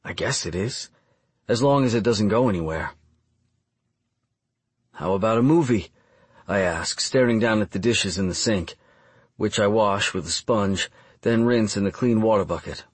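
Low-voiced man narrating an audiobook. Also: breathy edge, no room sound. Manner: calm, measured, reflective. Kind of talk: first-person audiobook narration.

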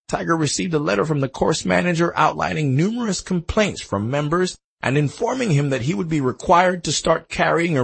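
A male narrator reads a nonfiction audiobook with expressive delivery. His voice is gravelly and husky. His pitch moves in a lively way. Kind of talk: scripted narration.

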